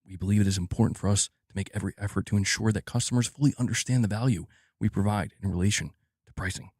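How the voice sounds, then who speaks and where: A man putting on a formal corporate executive, speaking in a slow, careful, hushed manner. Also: lowish voice, no room sound, clean studio sound, pitched below the performer's own voice. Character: middle-aged male corporate executive, measured and formal.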